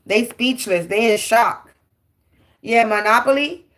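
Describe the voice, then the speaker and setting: Woman, fairly high voice, defiant, profane, repeats herself, tarot reading rant. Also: slow pace. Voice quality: brash and profane. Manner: taunting, repetitive, defiant. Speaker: spiritual tarot reader. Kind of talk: spiritual tarot monologue.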